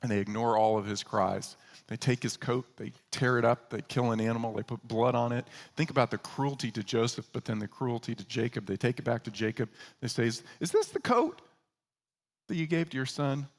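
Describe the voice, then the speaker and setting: In a large hall, a male pastor preaches a sermon in a middle-pitched, gravelly voice at a brisk pace. He tells the story with animation, slipping into the voices of the characters he quotes, and his delivery stays conversational and earnest.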